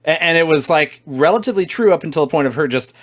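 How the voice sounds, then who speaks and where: A man's voice: on the high side, lively intonation, fast. A man co-hosting a podcast in casual chat, rambling and joking crudely, often laughing, talking over an online voice call from home. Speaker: podcast co-host.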